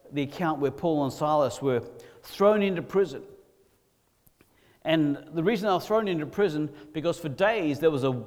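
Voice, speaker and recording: Man, preacher, sermon, loud then quiet delivery, slightly high voice. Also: long reverb tail. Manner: swings between loud emphatic lines and low quiet ones.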